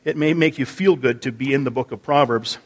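A male pastor with a medium-pitched voice delivers a brisk, interactive sermon in church. He engages the congregation, says their answers back aloud and keeps restarting his sentences.

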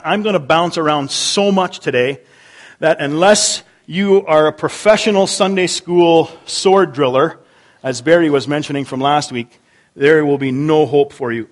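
A man preaching a sermon in church, chatting with the congregation, repeating their answers aloud and often restarting his sentences. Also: fairly high pitch. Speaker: pastor. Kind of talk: interactive sermon.

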